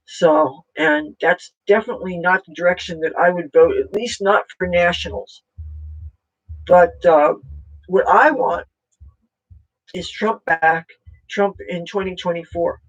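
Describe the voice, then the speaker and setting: A political vlogger talking casually at home in a rambling, halting way with many fillers and restarts. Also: mid-range voice, lo-fi sound.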